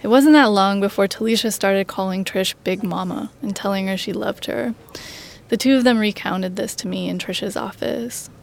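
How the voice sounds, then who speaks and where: A woman journalist narrating a documentary story in a measured, plain way. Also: medium pitch, vocal fry. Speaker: journalist host. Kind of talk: scripted narration.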